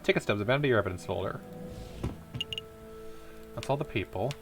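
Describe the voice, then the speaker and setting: A man's voice: lowish voice, animated, a little fast, over music. A man casually commenting on his gameplay, muttering asides to himself and trailing into whispers. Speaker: let's play host.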